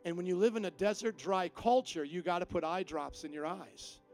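Pastor, male, high-pitched voice, emphatic sermon delivery with big dynamic swings, faint music underneath. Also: moderate pace, vocal fry. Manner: emphatic preaching, swings from quiet to loud.

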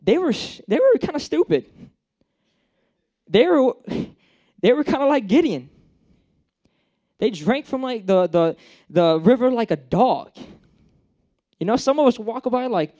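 High-voiced young man preaching casually. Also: sing-song, a little slow, pauses often, warm tone. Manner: chatty, joking, acts out characters. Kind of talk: casual sermon.

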